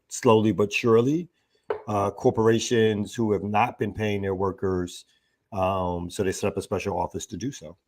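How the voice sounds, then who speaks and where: A man hosting a morning show, reading a news story aloud in a relaxed way with fillers. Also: lowish voice. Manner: relaxed, reads with fillers and restarts. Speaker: host.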